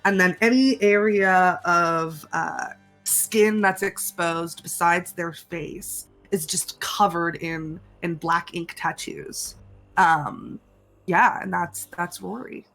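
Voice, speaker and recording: Woman player, slow, rambling, slightly low voice. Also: a bit bright, faint music behind. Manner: slow, rambling, many fillers. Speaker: tabletop player.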